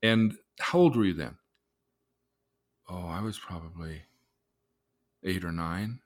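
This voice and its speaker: A man with a somewhat low voice tells a case story as a therapist would. He acts out the people in it as he goes, dropping into soft, low asides and then rising into loud, excited bursts. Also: slow. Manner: vivid storyteller, acts out the people in his stories.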